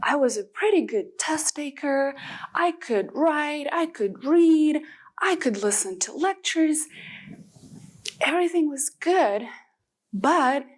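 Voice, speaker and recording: An English teacher educator gives a motivational speech in a slow, high voice. She is expressive, asking rhetorical questions and pausing deliberately.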